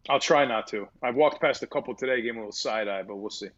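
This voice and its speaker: Man, relaxed rambling chat, husky voice, muffled lo-fi sound. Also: medium pitch, quick pace. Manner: laid-back, laughing, rambling. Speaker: voice actor guest. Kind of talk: casual interview chat.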